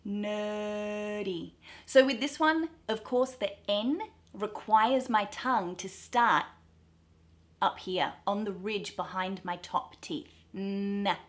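A young woman with an Australian accent leads a pronunciation lesson, speaking slowly and drawing out each sound as she demonstrates it. Her voice is bright and forward, with a patient, measured pace. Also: medium pitch. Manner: slow, drawn-out demonstration of sounds. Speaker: accent coach.

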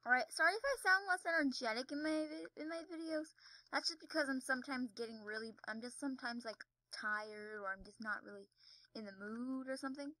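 Young woman gamer, high, bright and bouncy, chatty and giggly, dry close desk mic. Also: brisk, no room sound, rough recording. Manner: chatty, giggly, yelps when falling. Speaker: gaming video creator. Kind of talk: casual gameplay commentary. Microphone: desk mic with audible keyboard.

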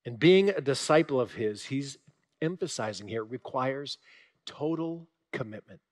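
A male pastor giving a sermon, telling stories with animated emphasis and sudden drops to a quiet voice. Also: mid-range voice, a little slow.

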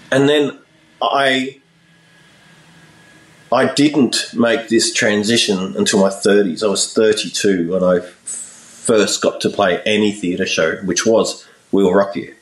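A man with a lowish voice tells a long story in a relaxed interview, putting on the voices of the people in it. The sound is roomy, with echo, and he sits a little back from the mic. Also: slow pace, long pauses, distant mic. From Australia. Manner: animated storyteller, acts out voices in his anecdotes. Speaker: guest musician.

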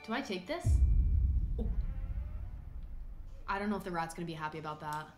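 A woman host giving casual gameplay commentary, excitable and quick to shriek and yell when scared. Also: fairly low pitch, music in the background. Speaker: gaming video host. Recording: echoey room.

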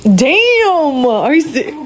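A woman's voice: high-pitched, sing-song, drawn-out words. A young woman talking casually to her camera, playful and jokey, with lots of exaggerated reactions. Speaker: vlogger. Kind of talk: casual vlog chat. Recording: noisy phone recording.

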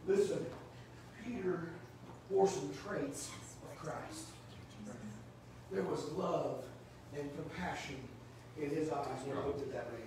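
A man preaching a sermon in a church, rising to shouts and dropping low. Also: slow, long pauses, noisy background. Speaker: pastor. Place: church sanctuary. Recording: echoey church room from far off.

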